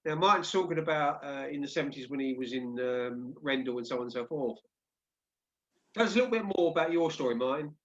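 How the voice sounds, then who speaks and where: A man's voice: medium pitch, expressive, brisk. A man hosting a casual discussion show, talking conversationally with frequent restarts. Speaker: host. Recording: dull lo-fi audio.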